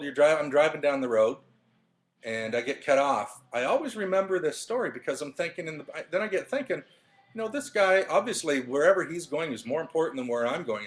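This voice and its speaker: A man talking casually into his webcam in his living room, telling a motivational story with plenty of fillers and restarts. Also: fairly high pitch. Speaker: vlogger.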